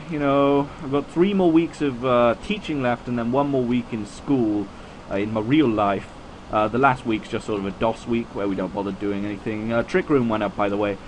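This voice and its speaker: A man's voice: a little hiss or hum, low-quality recording. Rambling young man commentating. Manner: rambling, chatty and self-mocking, with swings in pitch. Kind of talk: casual video game commentary.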